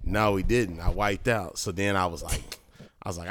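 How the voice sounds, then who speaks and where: A man chatting casually, telling an animated story and acting out what people said, laughing often. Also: low-pitched, normal speed, slight background noise.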